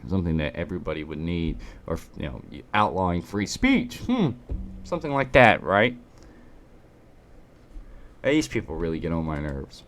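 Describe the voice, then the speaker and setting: In a lowish voice with slight background noise, a male U.S. political commentator delivers a ranting opinion commentary. He is emphatic and sarcastic, driving his points home with one rhetorical question after another.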